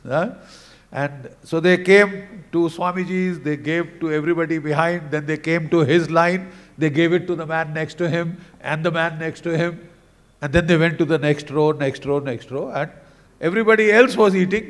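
A man in his sixties with an Indian English accent, telling an anecdote at a conference and mixing in Hindi phrases. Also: a little high. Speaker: conference speaker. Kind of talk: storytelling speech.

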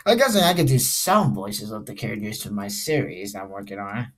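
A man's voice: on the low side, lively intonation, moderate pace, a bit bright. Young male host, rambling casual chat, hesitant, home computer mic. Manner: rambling, hesitant, many restarts. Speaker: channel host.

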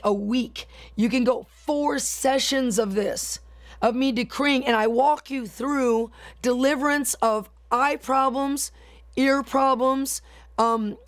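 A woman minister leading a live-streamed healing prayer, speaking in fervent, repetitive commands and decrees. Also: on the high side.

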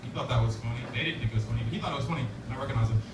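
A man with a mid-range voice talks very fast over music, performing stand-up at an open mic in a laundromat café. He's loose and profane, peppering his set with fillers. Audience laughter and room chatter come through a distant, noisy, roomy live recording.

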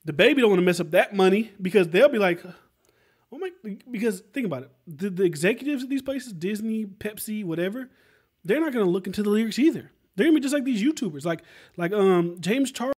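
Man, high voice, podcast host, casual commentary, rambling, filler-heavy, animated. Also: fast talker. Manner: rambling, animated, lots of "like" and "right?".

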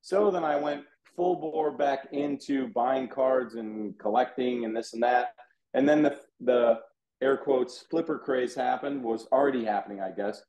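Mellow-voiced man in an echoey room. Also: mid-range voice, measured pace. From Houston, USA. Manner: animated, acts out quoted dialogue. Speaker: interview guest, card collector. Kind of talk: casual storytelling.

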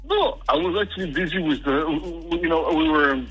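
A man's voice: on the high side, very animated, normal speed, a bit bright, husky, muffled recording, soft background music. A man chatting casually as a guest on a call, talking in a loose, rambling way. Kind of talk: casual chat.

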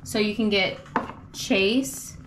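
A woman's voice: medium pitch, fairly even intonation, takes it slowly, roomy sound, background noise. A woman casually chatting with mild, wry humor while opening toys for a review. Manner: chatty, mildly wry, trails off. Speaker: toy review co-host. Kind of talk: casual unboxing chat.

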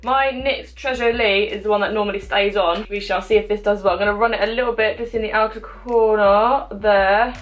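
A woman's voice: medium pitch, fairly even intonation, fairly quick, few pauses. A woman in her twenties chatting casually through a makeup tutorial, self-mocking and talking as she applies products at home. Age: 20s. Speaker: beauty vlogger.

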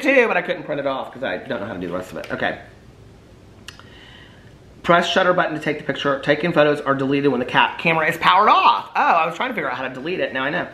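A man's voice: medium pitch, bright, forceful tone, reverberant. A man chatting casually to camera at home, rambling and self-deprecating with frequent laughs. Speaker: vlogger. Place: at home, room with ring light.

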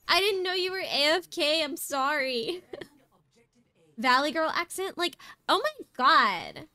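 A woman's voice: sits high, sharp tone, dry recording. A woman streamer chatting casually and playfully with friends during a game, giggling and teasing. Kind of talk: casual gaming stream chat.

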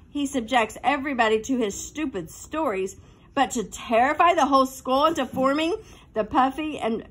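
A woman's voice: high voice, fairly bright tone. A woman voicing a firm, indignant fifth-grade girl who takes charge, in a storybook reading.

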